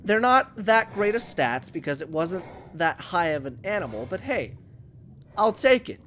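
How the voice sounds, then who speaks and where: A young man casually commenting on his gameplay for viewers, excitable and rambling, talking to the creatures he meets. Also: a little high, unhurried, slight background noise. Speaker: gaming channel host. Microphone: USB condenser microphone.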